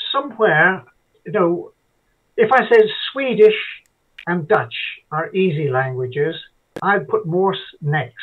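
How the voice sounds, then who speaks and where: Older man on a tinny call line. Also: on the high side. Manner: rambling, with hesitant restarts and accent play. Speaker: guest interviewee. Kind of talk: casual storytelling chat.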